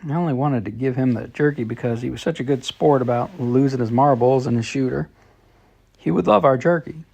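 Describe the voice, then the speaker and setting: A man's voice: medium pitch, a little fast, creaky, darkish tone. A man reading a children's story told in letters, in plain, friendly storytelling. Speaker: storybook reader.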